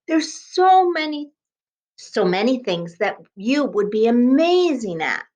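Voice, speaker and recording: Slow, lively-voiced kindergarten teacher. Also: female voice, on the high side. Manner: slow, sing-song, spells words out sound by sound. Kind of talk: remote lesson for young children.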